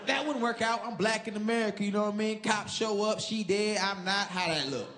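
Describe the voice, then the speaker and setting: A man from Chicago doing a loud stand-up routine on a club stage, switching into acted-out voices. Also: high voice, brisk, loud music behind the voice. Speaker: stand-up comedian. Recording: loud crowd laughter and noise. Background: laughing crowd.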